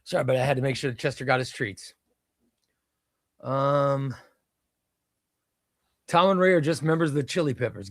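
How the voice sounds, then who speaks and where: A man's voice: mid-range voice, normal speed, long pauses. A man chats casually on a comic book livestream from a room at home. His voice sits in a middle register and the sound is dry and close, with no room echo. He rambles, restarts his sentences and answers viewer comments as they come in. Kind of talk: casual live-stream chat.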